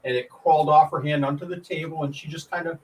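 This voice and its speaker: A man who works as a reptile vendor, telling a story in a relaxed, lowered voice. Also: fast. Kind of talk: casual chat. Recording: distant from the mic.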